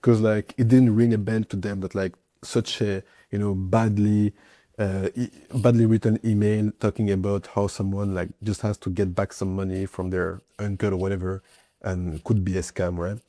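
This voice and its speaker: A man with a low, dark and mellow voice chats loosely as host, filling his talk with asides and fillers. The sound is dry and close. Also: flat delivery, normal speed, dry recording. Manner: chatty, many fillers and hedges. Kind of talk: casual conversation.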